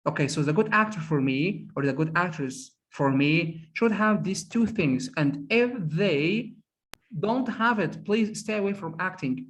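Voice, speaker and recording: A man's voice: on the high side, expressive, measured pace, a bit bright. A man teaching an English conversation class, speaking emphatically, repeating words and saying "of course" often. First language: Arabic. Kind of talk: classroom discussion.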